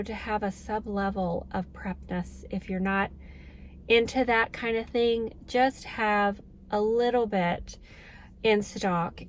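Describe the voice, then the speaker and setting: A woman's voice: mid-range voice, a little hiss or hum. Earnest middle-aged woman vlogger. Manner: earnest, heartfelt, emotional at moments. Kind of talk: casual talk to camera.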